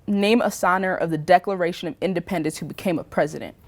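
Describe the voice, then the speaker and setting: A woman voicing a loud, bullying male small-town official who barks and mocks in an interrogation. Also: sits high, fast. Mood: interrogating. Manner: barking, mocking interrogation.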